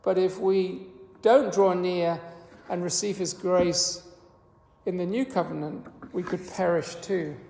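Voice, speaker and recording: A preacher giving a sermon in a measured, earnest teaching manner, with a few small restarts. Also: mid-range voice, steady tone, gravelly, a little mellow, a little hiss or hum. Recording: echoey hall with long reverb.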